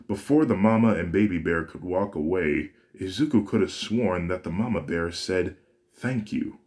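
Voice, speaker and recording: Deep voiced guy reading out a fan story, casual, keeps correcting himself. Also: moderate pace, a little mellow. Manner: casual, with frequent restarts and self-corrections. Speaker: story reader.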